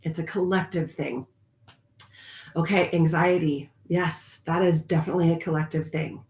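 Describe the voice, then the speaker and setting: A woman's voice: low voice, fairly even intonation, echoey room. A woman leading a live online spiritual group, talking in a confiding way and laughing often. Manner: warm, confiding, laughs often, speaks slowly at moments.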